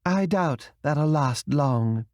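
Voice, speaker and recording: A man voicing a heartbroken, proud young woman with a British accent who speaks slowly and reluctantly. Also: on the high side, animated, darkish tone, dry recording, studio quality, voice pushed up. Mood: wistful. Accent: British English. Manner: slow, reluctant, cracking voice. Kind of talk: audiobook character reading.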